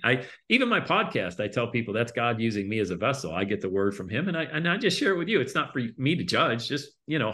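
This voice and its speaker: A middle-aged man telling his story in a casual interview, animated and acting out other people's voices. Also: mid-range voice. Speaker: guest speaker and coach.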